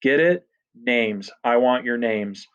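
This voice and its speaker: A man's voice: mid-range voice, slow pace, clean tone, close to an everyday voice. A man voicing a burly, menacing biker gang boss who taunts and threatens. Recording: dull lo-fi recording.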